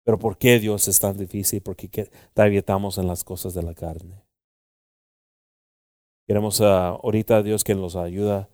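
A man's voice: fairly low pitch, steady tone, brisk, a little mellow, dry recording, clean studio sound. A man preaching and leading prayer as a pastor, switching between English and Spanish and calling on the Lord again and again. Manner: pleading prayer with repeated "Lord" and "Jesus". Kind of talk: bilingual sermon and prayer.

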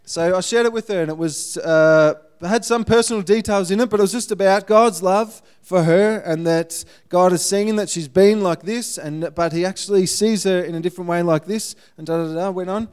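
A man giving a guest sermon, telling a missionary story in a lively way and acting out the people in it. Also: high voice, moderate pace, hardly any pauses, clear, resonant tone.

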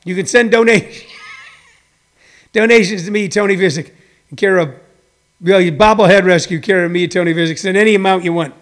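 A man's voice: high voice, brisk, pauses often. A middle-aged man hosting a show, delivering a rambling, mock-indignant comedy rant with self-mocking asides. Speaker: show host.

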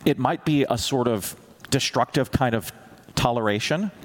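A man's voice: mid-range voice, moderate pace. A man preaching a sermon as teaching pastor, candid and self-deprecating, acting out prayers and God's replies in a raised voice. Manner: animated, acts out dialogues with God in a raised voice.

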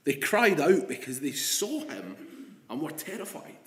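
A man preaching a sermon, dropping to hushed, slow quotes and rising into emphatic passages. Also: on the high side, sing-song. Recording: echoey room.

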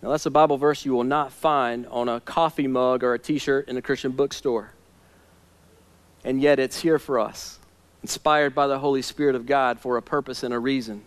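A man's voice: on the high side, animated, moderate pace. A man preaching a sermon as a pastor, earnest and conversational, asking his listeners direct questions.

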